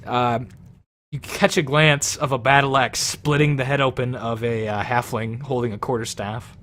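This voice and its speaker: Male game master, ordinary pitch, loose and halting tabletop narration full of fillers. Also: steady tone, a bit bright.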